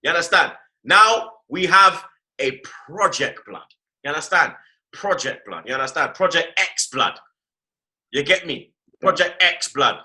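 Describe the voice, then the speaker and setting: A man leads a loose football chat. He talks in an animated, slang-heavy way and keeps repeating his catchphrases. His voice comes out very bright and a touch high. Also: unhurried. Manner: animated slangy talk, repeats "blood" and "you get me". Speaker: host.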